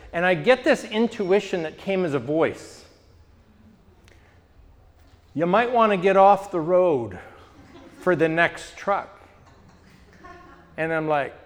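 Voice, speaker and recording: Animated man leading a group discussion. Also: a little high, big-room sound. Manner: animated storyteller, frequent restarts.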